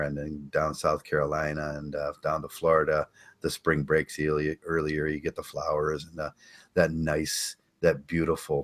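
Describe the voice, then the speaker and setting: An older man hosting a casual podcast, rambling and chatting with listeners, halting with many fillers and restarts. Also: very deep voice. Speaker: podcast host. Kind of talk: casual live-stream chat.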